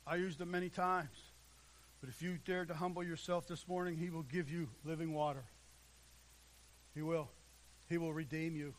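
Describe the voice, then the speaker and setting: A man pastor preaching an impassioned sermon in a church, swinging between loud and hushed delivery. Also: on the high side, flat delivery, normal speed, long pauses. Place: church sanctuary.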